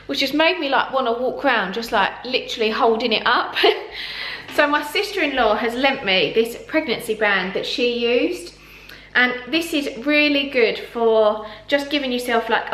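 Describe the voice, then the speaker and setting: A woman's voice: fairly high pitch, a bit bright. A young woman, talking casually in a pregnancy vlog, chatty and full of "like" and "um" fillers. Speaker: vlogger. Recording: echoey room.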